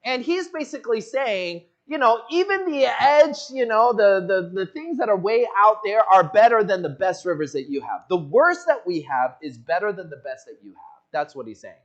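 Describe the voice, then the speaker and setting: A man's voice: sits high, animated, normal speed, hardly any pauses, muffled recording. A male pastor preaching an expository sermon, who acts out the voices of the people in the story. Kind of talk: expository sermon with acted-out dialogue. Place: church sanctuary.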